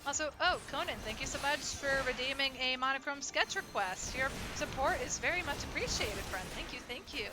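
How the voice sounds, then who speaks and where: A woman's voice: high voice, brisk, few pauses, music in the background. A woman streaming a game, chatting playfully with her viewers and reading game lines aloud. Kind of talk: casual game streaming with read-aloud dialogue.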